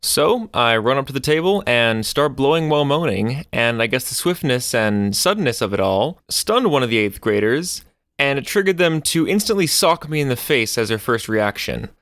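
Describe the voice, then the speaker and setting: Man, story narrator, lively swinging pitch, mid voice, scripted read. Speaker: narrator of reader stories. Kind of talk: scripted narration of online stories.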